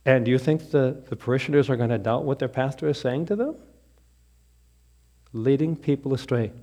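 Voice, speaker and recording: A male pastor telling a joke in a lively storytelling manner within a sermon. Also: medium pitch. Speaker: Lutheran pastor.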